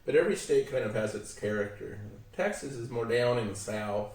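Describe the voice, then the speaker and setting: A man from San Diego with a Western American accent, explaining things in a relaxed, friendly way as an interview guest. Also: mid-range voice, fairly quick, few pauses. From San Diego, California. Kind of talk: casual interview. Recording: echoey, from a distance.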